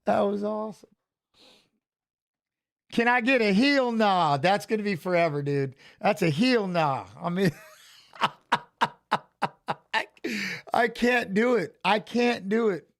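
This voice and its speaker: A middle-aged man with a fairly high voice chats loosely over a live fight stream. He laughs a lot and trips over his words, then switches to quick, excited coaching calls like a corner man. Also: gravelly. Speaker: watch-along host, former fighter. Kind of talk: casual live watch-along chat and fight commentary.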